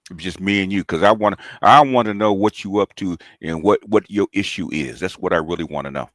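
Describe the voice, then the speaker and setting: A commentary channel host launches into a combative, taunting call-out rant, frequently tossing in "okay?". His voice is low-pitched with a fairly bright tone and a fairly quick delivery, in clean studio sound with no echo.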